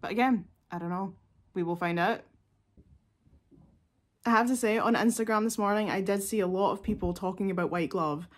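A woman's voice: mid-range voice, moderate pace, pauses often. A woman, chatting casually and gushingly as a music reaction vlogger, with lots of fillers.

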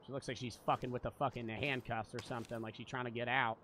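A man's voice: medium pitch, flat delivery, fast talker, pushed and bright, slight background noise. A young man streaming a tactical shooter, chatting and joking with a lot of swearing. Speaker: gaming streamer. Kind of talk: live gameplay commentary.

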